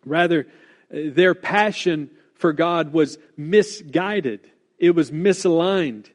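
A man preaching a sermon as pastor, earnest and deliberate, stressing key words and repeating them for weight. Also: a little high.

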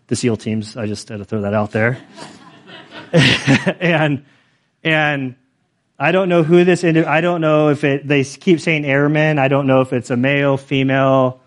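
A man preaching a sermon, telling stories in an animated, chatty way with many filler words. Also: medium pitch. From United States. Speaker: pastor. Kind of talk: sermon with storytelling.

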